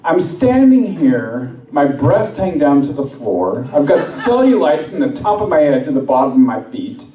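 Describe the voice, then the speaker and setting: A woman's voice: low-pitched, big pitch swings, normal speed, hardly any pauses, warm tone. A man voicing an elderly wife nagging her husband for a compliment, heard from far off in an echoey hall. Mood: complaining. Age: older. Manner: pleading, complaining.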